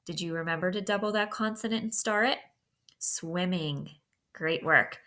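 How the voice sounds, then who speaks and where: A woman teacher giving a slow, deliberate spelling dictation lesson, saying each word, using it in a sentence, then checking the marking. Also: fairly low pitch, sharp tone.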